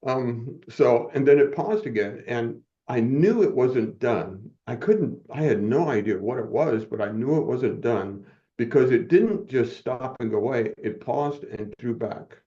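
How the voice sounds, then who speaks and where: A man as a guest giving an earnest, halting personal testimony, often moved as he speaks. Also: medium pitch, animated, mellow, dull audio.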